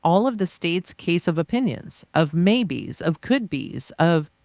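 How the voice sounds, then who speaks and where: A podcast reader voicing a defense attorney's closing argument, forceful and insistent with repeated rhetorical phrases. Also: mid-range voice, very animated, a little slow, no room sound, studio quality. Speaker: podcast reader of trial transcripts. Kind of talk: reading a courtroom closing argument aloud.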